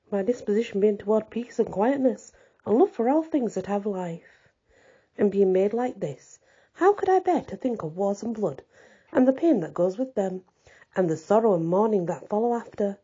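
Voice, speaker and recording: A young peasant woman soldier speaks with gentle, earnest conviction, as a woman reader voices her. Her tone is mellow and dark with a husky edge. The recording is dull and lo-fi. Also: medium pitch.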